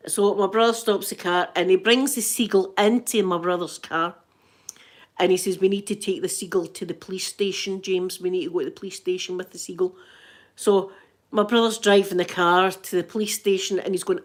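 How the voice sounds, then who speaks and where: A Scottish woman with a fairly low voice tells stories in a relaxed, chatty way. She brings the people she quotes to life as she goes. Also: a little fast. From Scotland. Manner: animated, acts out the quoted people. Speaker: ASMR livestream host. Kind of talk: casual storytelling chat.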